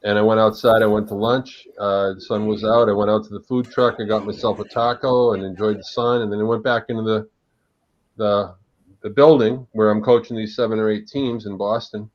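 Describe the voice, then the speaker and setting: A man, a guest agile coach, telling an animated anecdote during a live panel talk. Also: on the low side, fairly quick. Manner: animated, vivid anecdotal delivery. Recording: dull lo-fi sound.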